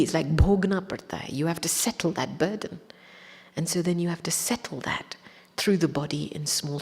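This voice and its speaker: A woman spiritual teacher recounts a personal story in a reflective, unhurried way, sinking now and then into a near-whisper. Her voice sits low and sounds husky, and a long hall reverb trails behind her words. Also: a little mellow. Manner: reflective, often dropping to a whisper.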